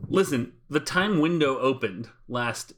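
A man co-hosting a podcast, chatting casually in a dry, joking, low-key way. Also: lively intonation, a little slow, a loud crowd. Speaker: podcast co-host. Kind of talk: casual chat.

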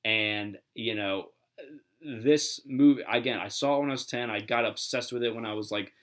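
A man's voice: mid-range voice, moderate pace, a bit bright. A man in his thirties co-hosting a podcast, chatting casually about a film and rambling with lots of fillers and restarts. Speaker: podcast co-host. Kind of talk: casual movie review chat.

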